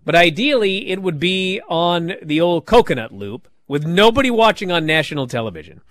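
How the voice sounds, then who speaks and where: A man hosting a wrestling podcast talks in a lively, swooping voice that sits a little high for a man. He tells stories animatedly and drops into mocking impressions. The sound is dry and close to the mic. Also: moderate pace, no room sound. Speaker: podcast host recapping wrestling. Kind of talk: casual recap chat.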